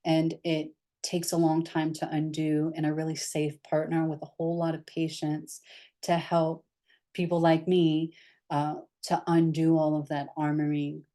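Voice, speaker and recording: Low-voiced woman leading somatic practice. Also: monotone, a little slow, dark tone. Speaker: somatic therapy group leader. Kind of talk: guided somatic lesson.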